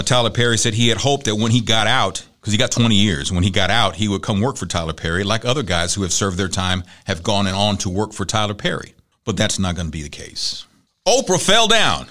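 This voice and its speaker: A man's voice: medium pitch, pushed and bright. A man hosting a talk show, casually running through news and celebrity gossip with wry asides and laughs at his own jokes.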